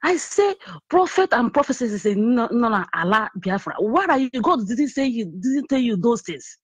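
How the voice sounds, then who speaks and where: A woman's voice: a little high, sing-song, moderate pace, breathy edge, dry recording. A woman from Nigeria with a Nigerian accent, phoning in to a talk show and speaking in an emotional, indignant, ranting way. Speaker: caller. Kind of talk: phone-in call. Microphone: phone call.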